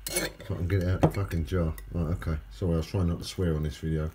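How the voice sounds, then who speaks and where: A man's voice: low-pitched, fairly even intonation, fast, very noisy. A man giving a rambling, cheeky food vlog at home. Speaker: vlogger.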